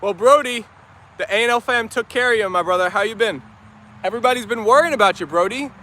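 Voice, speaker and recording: This chatty livestream host broadcasts from a yard full of dogs and chickens, cheerfully reading out viewer messages and saying hello to people by name. He talks fast in a high, bright, forceful voice.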